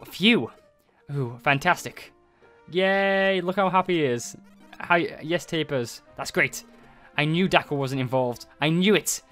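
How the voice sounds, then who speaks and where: A man hosting a let's play, excitable, reacting to the story with quick exclamations. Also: a little high, soft background music.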